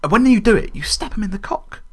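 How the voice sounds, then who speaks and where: A man in casual chat about a video game, animated and sweary, often laughing. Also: high-pitched, quick pace, vocal fry, slightly rough.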